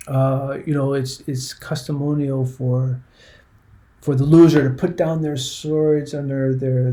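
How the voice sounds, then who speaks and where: In this classroom history lecture, a male teacher speaks conversationally with a mellow, mid-range voice. He repeats words, restarts them often, and keeps checking in with the listener by asking "right?"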